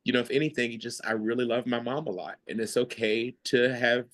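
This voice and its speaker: Heard over a video call, a man with a mid-range, fairly bright voice speaks a little fast with fairly even intonation. Hosting a mindfulness class, he shares his feelings in a rambling, heartfelt, casual group setting, laughing often and using lots of fillers.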